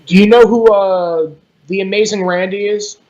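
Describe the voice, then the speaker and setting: A man's voice: sits high, normal speed. A man in casual political chat, talking bluntly and cursing freely. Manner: blunt and profane, animated. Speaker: podcast guest. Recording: dull lo-fi sound.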